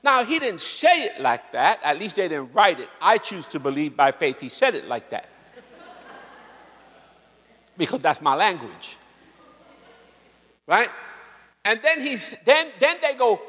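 A male pastor preaches with lively slang and calls out to his congregation for amens. His voice runs high and swings widely in pitch. A long church reverb hangs on his words. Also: measured pace. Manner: animated, slangy, asks the crowd for amens. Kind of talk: sermon.

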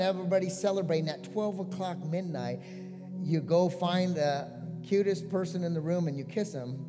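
A man's voice: fairly high pitch, long reverb tail. A male pastor giving a sermon, telling a story earnestly and building to a pleading call to his congregation.

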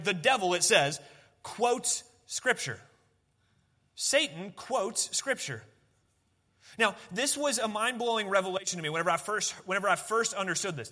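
A man's voice: sits high, pushed and bright. A man preaching a sermon as pastor, conversational and self-deprecating, repeating phrases for emphasis.

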